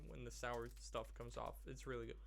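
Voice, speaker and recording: A man's voice: medium pitch, fairly quick, vocal fry. A man hosting a podcast, telling a story in casual chat, swearing and acting out the people in it. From Persian family. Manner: animated, swearing, acts out quotes. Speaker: podcast host.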